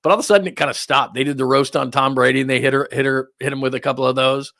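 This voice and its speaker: A man's voice: mid-range voice, fairly even intonation, very fast, vocal fry, fairly bright tone, no echo, clean studio sound. A middle-aged man hosting sports talk, ranting casually with stammered restarts and disbelief. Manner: rambling, incredulous, stammering restarts.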